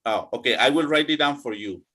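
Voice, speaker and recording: A man's voice: medium pitch, a little fast, bright, forceful tone, slightly rough. A man teaching English numbers, patiently drilling students and checking in with them often. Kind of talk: online English pronunciation lesson.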